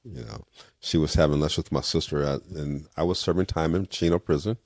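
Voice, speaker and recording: Very deep-voiced older man telling a story. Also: fairly quick, no room sound, studio quality. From California. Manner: lively storyteller, acts out quoted dialogue. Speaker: interview guest. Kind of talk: casual storytelling interview.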